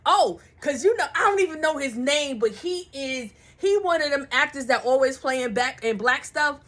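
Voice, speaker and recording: High-voiced gossipy woman recapping soaps. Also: normal speed. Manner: animated, gossipy, slangy, acts out characters' lines. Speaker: soap opera recap vlogger. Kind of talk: casual chatty TV recap.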